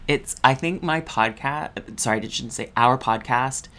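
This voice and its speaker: A man's voice: medium pitch, measured pace. Reflective man co-hosting a casual podcast. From Canada. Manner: warm-hearted, reflective, rambling with I don't knows. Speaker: podcast co-host, drag queen.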